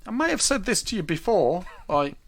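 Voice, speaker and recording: A man co-hosts a podcast, chatting casually and telling stories as an animated storyteller who laughs a lot. His voice sits high, he speaks at a normal speed, and the recording is dry.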